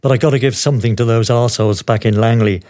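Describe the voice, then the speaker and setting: A man's voice: medium pitch, steady tone, very fast, a little mellow, natural voice. A man voicing a crude, world-weary male club manager who drawls and swears bluntly, close to his own voice. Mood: bored.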